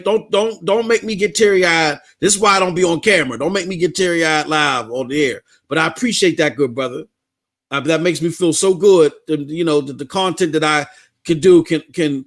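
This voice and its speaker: Animated man hosting a live stream. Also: high-pitched. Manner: animated, repetitive, laughs often. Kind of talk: casual live stream talk.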